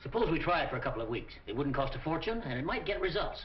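A man's voice: a little high, sing-song, very fast, a little hiss or hum. An actor playing a worried, stern store owner and father, in 1940s film acting. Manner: stern, anxious, forceful when angry. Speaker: businessman. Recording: dull old film soundtrack.

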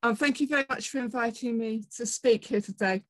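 A woman from southern England with a Portsmouth accent, giving a conference talk in a chatty way, often pausing on ums and restarting. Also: fairly high pitch, dry recording, low-quality recording. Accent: Portsmouth English. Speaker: conference speaker. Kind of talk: presentation talk.

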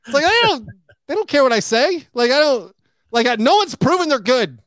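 A man talking as a guest on a podcast, animated, full of "like" and acting out what other people say. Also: extremely high pitch, a little fast, no echo. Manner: animated, acts out quoted remarks, heavy use of "like". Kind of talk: casual podcast chat.

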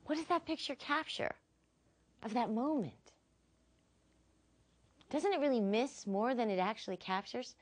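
A woman philosophy instructor tells stories expressively in a recorded lecture, an animated storyteller. Her voice is a little high, her pace measured, with long pauses.

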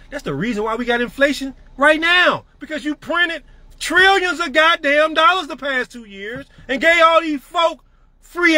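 A man's voice: very high voice, pushed and bright, dry recording. A middle-aged man giving a profane, emphatic motivational rant to his network marketing team.

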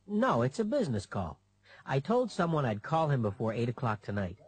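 A man's voice: medium pitch, sing-song, a little fast, slightly rough, no echo. A man playing a cheerful father in a scripted textbook dialogue, upbeat and friendly.

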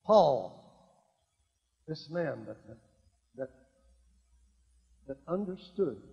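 An older man preaching a sermon, swinging between quiet asides and loud emphatic declarations and repeating key lines. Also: on the high side, very animated, extremely slow, gravelly, husky. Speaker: evangelist. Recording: dull lo-fi recording in a reverberant hall.

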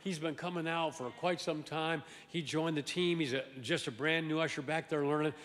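A man preaching a sermon as pastor, animated and emphatic, swinging from loud exclamations to quiet asides and often repeating words. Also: on the high side, moderate pace, big-room sound. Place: large church sanctuary.

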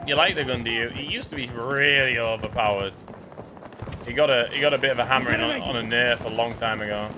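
A man from the UK giving joking, excitable commentary while playing a game, chatting to his teammates. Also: mid-range voice, fairly quick, noisy background. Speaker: gaming YouTuber. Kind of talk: casual gameplay commentary. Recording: game sounds clearly behind the voice.

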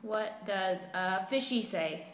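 In a home video, a mother with a mid-range voice playfully quizzes her toddler, slowly asking coaxing, sing-song questions. The recording sounds roomy, with faint noise.

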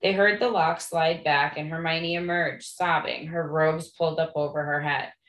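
A woman reading a novel aloud to listeners in a gentle, friendly way. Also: low voice, fairly even intonation, normal speed. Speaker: read-aloud host. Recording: echoey room.

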